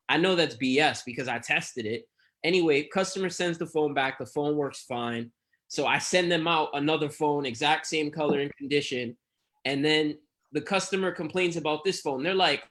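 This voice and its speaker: A man with a New York accent chats as an interview guest. He talks in a fairly high voice and acts out both sides of his customer stories in a lively way. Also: normal speed. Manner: animated storyteller who acts out customer exchanges. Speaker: guest phone reseller. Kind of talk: casual interview chat.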